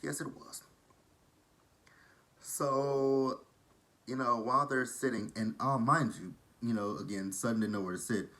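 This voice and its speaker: A man's voice: mid-range voice, unhurried, pauses often, pushed and bright. Chatty man with a southern drawl. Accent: Texan. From Texas. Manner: chatty, gossipy, shady asides. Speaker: reality TV recap vlogger. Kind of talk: casual recap commentary.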